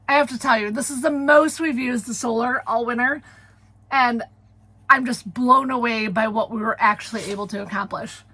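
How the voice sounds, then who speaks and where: Brief: upbeat woman vlogger, slightly high, breathy, chatty. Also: steady tone, moderate pace, bright, forceful tone. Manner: chatty, laughs often. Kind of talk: casual vlog narration.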